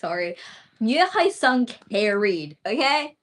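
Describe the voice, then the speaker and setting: A woman's voice: medium pitch, animated, a little slow. A young woman hosting her own livestream, chatting casually and rambling with many "like" and "um" fillers. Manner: rambling, heavy use of "like" and "um" fillers. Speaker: livestream host.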